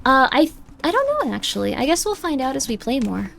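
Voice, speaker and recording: A woman's voice: high-pitched, huge pitch swings, fairly quick, gravelly, fairly bright tone, a little hiss or hum. A woman streamer chatting casually while playing a game, rambling with lots of filler words. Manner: rambling, heavy use of 'like'. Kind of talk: casual gaming livestream chat. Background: faint game music.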